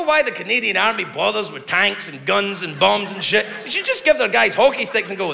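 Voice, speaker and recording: A brash, profane man performing stand-up, his voice high and gravelly and swinging wildly in pitch. He rattles through a mocking routine in a reverberant venue, with a laughing crowd and steady noise behind him. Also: fairly quick, hardly any pauses. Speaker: stand-up comedian. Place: comedy venue with live audience.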